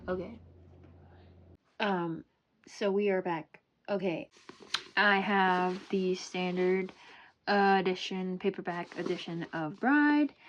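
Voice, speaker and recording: A woman's voice: lowish voice, takes it slowly, pauses often, lo-fi sound. Giggly, gushing young woman book vlogger. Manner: excitable, gushing, giggly, rambling. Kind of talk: casual book collection showcase. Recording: noisy home recording.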